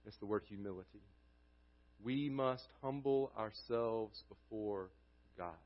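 A man preaching a sermon as pastor, earnest, his voice dropping low and quiet at the ends of phrases. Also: a little slow, dull audio.

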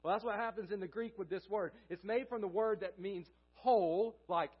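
A man with a high voice preaches an earnest sermon in a church sanctuary. He circles back to key phrases and asks the congregation questions before answering them himself. The recording is dull and lo-fi. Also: moderate pace, slightly rough. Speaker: pastor.

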